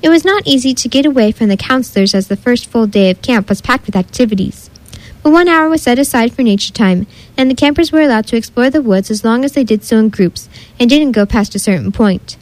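Woman storyteller, children's story, steady expressive reading, slightly high voice, dry close sound. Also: a little fast, dry recording, low-quality recording.

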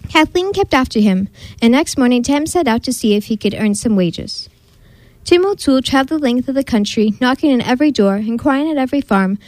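A woman hosting a storytelling show, reading a picture book aloud with expressive narration. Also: sits high, no echo. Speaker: host and storyteller.

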